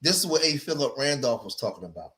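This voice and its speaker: A man's voice: mid-range voice, sing-song, quick pace, fairly bright tone. A man hosting a livestream, reacting to clips in emphatic commentary and repeating phrases for emphasis.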